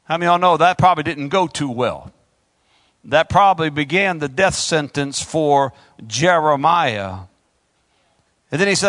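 A man's voice: on the high side, expressive, moderate pace, fairly bright tone, no echo. A man preaching a fervent sermon, calling out to the congregation and swinging his delivery up and down. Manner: fervent call-and-response preaching, rising and falling.

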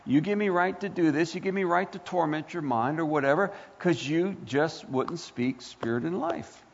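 A man's voice: fairly high pitch, moderate pace, vocal fry, voice pushed up. A man voicing a taunting male devil who mocks and goads in repeated jabs, heard in an echoey hall on a dull lo-fi recording. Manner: mocking, repetitive taunting.

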